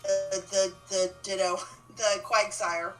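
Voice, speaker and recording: A woman's voice: mid-range voice, little pitch movement, takes it slowly, far from the mic, faint music behind, low-quality recording. A woman co-playing on a game stream, talking casually with many hesitations and restarts. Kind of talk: casual gaming chat.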